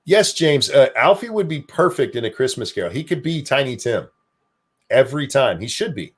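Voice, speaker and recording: A husky, medium-pitched voice at a moderate pace belongs to an older man hosting a relaxed streamed talk show. He chats animatedly, swearing freely and mocking himself.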